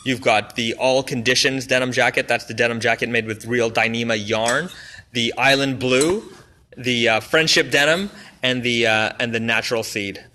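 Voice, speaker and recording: Man, casual live-stream chat, rambling and excited, bright crisp tone, mid pitch. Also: moderate pace, a little hiss or hum. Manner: enthusiastic, rambling, many fillers and restarts. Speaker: brand representative showing new products. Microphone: phone or camera mic on a live stream.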